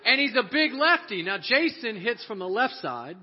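A man telling a lively personal story to an audience, animated and laughing often as he acts out the people in it. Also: very high voice, moderate pace, a little hiss or hum. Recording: dull lo-fi audio.

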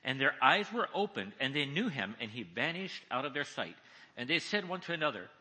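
A man preaching at a conference, reading scripture slowly and with emphasis and asking his listeners questions. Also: mid-range voice, big pitch swings, pushed and bright, husky. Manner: reads slowly, deliberately, with emphasis; asks the audience questions. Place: large conference hall. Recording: echoey hall reverb.

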